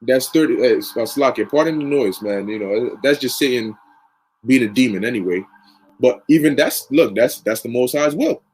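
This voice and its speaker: A man's voice: medium pitch, normal speed, darkish tone, breathy edge. A man preaching through a long story in casual, slangy, conversational talk. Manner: conversational, lots of fillers and restarts, slang.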